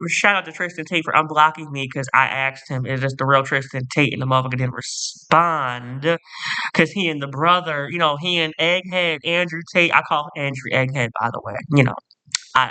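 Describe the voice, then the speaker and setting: A man's voice: fairly high pitch, bright, forceful tone, clear, resonant tone. A man from New Jersey delivering a rambling, profane comedic roast monologue, often sidetracking into mock-indignant rants. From New Jersey, USA. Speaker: comedian host.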